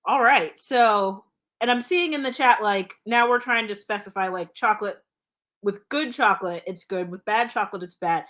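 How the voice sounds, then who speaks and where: A woman's voice: mid-range voice, moderate pace, a bit bright. A woman hosting a live comedy show, upbeat and encouraging toward the comics. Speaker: host.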